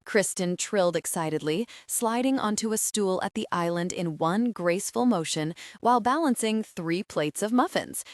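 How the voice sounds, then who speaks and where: Audiobook narrator, woman, low voice, animated delivery, dry close studio sound. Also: moderate pace, hardly any pauses, dry recording. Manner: expressive storytelling. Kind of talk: scripted narration.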